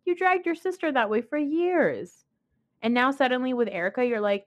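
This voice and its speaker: A woman's voice: high-pitched, moderate pace. Blunt, opinionated woman podcast host. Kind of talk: casual recap commentary.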